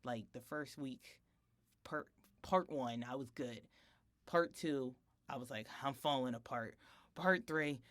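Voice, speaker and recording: A woman in her thirties co-hosting a podcast, telling a personal story in a chatty, animated way with frequent laughter. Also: extremely low pitch, slow pace. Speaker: podcast co-host. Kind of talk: casual podcast chat.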